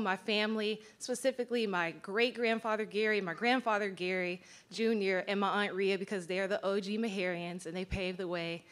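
A woman's voice: mid-range voice, fairly even intonation, a little fast, hardly any pauses. A young woman, a medical graduate, giving an emotional thank-you speech at a match day ceremony. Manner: grateful, emotional thank-yous.

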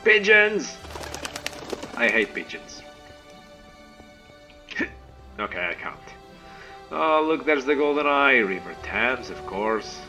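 A man giving chatty, excitable gameplay commentary as a let's play host, humming little tunes to himself as he goes. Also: medium pitch, takes it slowly, long pauses, soft background music.

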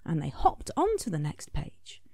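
Brief: woman reading a children's book, lively lilt, gravelly, mellow. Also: sits low, unhurried, a little hiss or hum. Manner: expressive, soft drop-offs into whisper. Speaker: author reading her picture book. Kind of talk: storybook read-aloud.

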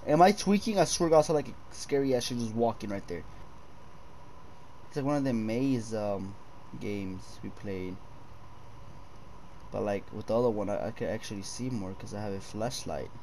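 A man's voice: lowish voice, expressive, moderate pace, long pauses, dark tone, slight background noise. A young man commenting on a horror game for viewers, swearing a lot, jumpy, and addressing them as boys. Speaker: gaming streamer.

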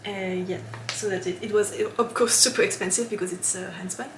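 A woman's voice: medium pitch, fairly even intonation, a little fast, reverberant. Woman podcast host, casual chat, giggly and rambling, mid-range voice, faint background hiss. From lives in Switzerland. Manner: chatty and giggly, with frequent ums and laughs.

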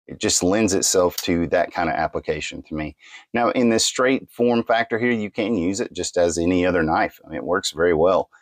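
A man's voice: deep voice, fairly quick, no echo. A man giving a casual product review of a knife, rambling along with many fillers and restarts.

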